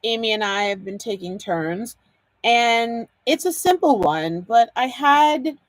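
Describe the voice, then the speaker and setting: A woman's voice: on the high side, lively intonation, slow, no echo. A woman hosting a live card-making demo, chatty and bubbly, laughing often and greeting viewers by name.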